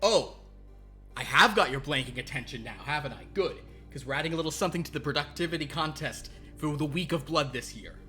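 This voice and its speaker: Man doing a loud bullying cartoon watch boss. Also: quick pace, few pauses, faint music behind, natural voice. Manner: loud, bullying, barking sales-pitch rant. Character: arrogant abusive male cartoon wristwatch boss.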